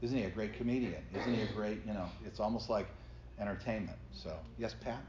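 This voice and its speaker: A middle-aged pastor with a fairly low voice, earnest and explanatory as he teaches a Bible study group. He is on a slightly dull, lo-fi recording, with faint noise behind him. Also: a little fast.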